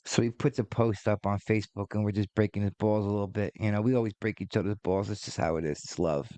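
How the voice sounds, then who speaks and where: A man's voice: on the low side, steady tone, fast talker, mellow, no echo. A man in his forties hosting a podcast, ranting casually with lots of swearing and rambling asides. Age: 40s. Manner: profane, rambling, exasperated. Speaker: podcast host.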